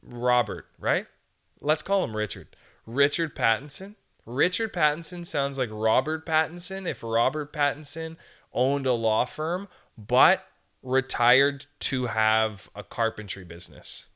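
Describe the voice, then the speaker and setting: Young man, podcast host, rambling jokey monologue, bright ringing tone, clean smooth voice. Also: mid-range voice, expressive, unhurried. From Canada. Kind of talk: casual comedic monologue.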